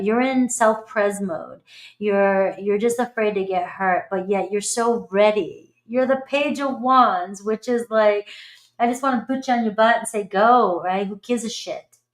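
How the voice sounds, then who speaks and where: Middle-aged lady doing a tarot reading, chatty and blunt, swears a lot. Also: mid-range voice. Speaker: tarot reader.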